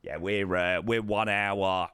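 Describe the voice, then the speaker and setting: A man's voice: low-pitched, steady tone, slow pace, a bit bright, clean tone, no room sound, studio quality. A man, chatting casually to viewers during a flight sim stream, greeting them by name and repeating words. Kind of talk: casual live-stream chat.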